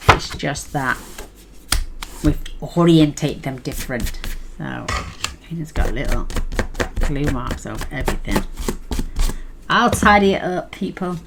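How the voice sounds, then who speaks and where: A woman's voice: sits low, lively intonation, a little slow, gravelly, pauses often, very noisy. A middle-aged woman chatting casually as she walks through a craft project, rambling and thinking aloud with fillers. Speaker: crafting channel host. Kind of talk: casual craft tutorial chat.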